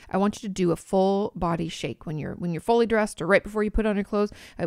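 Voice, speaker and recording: A woman's voice: medium pitch, gravelly, darkish tone, no room sound, studio quality. A woman in her thirties hosting an advice podcast as a therapist, direct and reassuring, with some casual swearing. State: a bit shaky from shaking her body while talking.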